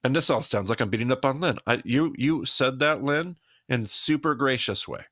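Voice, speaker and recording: A man's voice: mid-range voice, expressive, normal speed, a bit bright, no room sound, studio quality. A man from Idaho co-hosting a podcast, talking casually and candidly with a self-deprecating manner. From Idaho, United States. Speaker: podcast co-host. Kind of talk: casual conversation.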